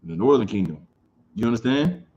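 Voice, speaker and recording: A man's voice: medium pitch, animated, fairly quick, a little mellow, muffled recording, a little hiss or hum. A man teaching an informal scripture class. He talks emphatically, repeats his phrases and keeps asking whether his listeners understand.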